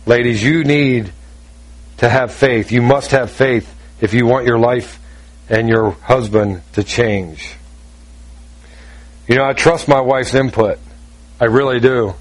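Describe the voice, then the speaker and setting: A man's voice: mid-range voice, takes it slowly, long pauses. A man preaching a sermon in a conversational, storytelling way with emphatic points.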